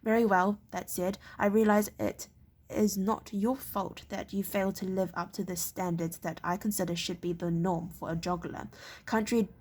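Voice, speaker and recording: A woman's voice: mid-range voice, steady tone, moderate pace, a little mellow, slightly rough, close to an everyday voice. A woman reading as a haughty, touchy castle lord. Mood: stern. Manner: stern and clipped, often stumbling on words.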